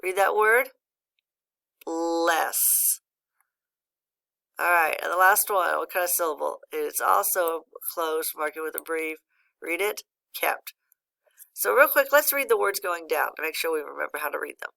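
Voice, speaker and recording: A woman's voice: sits low, moderate pace, gravelly, sharp tone. A patient woman teaching a phonics lesson to a young child, praising often and guiding each word step by step. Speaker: reading teacher.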